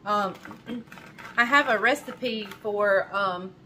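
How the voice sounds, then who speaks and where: Bright-voiced chatty woman cooking at home. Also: medium pitch, slow pace, a little hiss or hum. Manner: chatty, rambling, with frequent fillers and self-corrections. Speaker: cooking channel host. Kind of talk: casual cooking demonstration. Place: home kitchen.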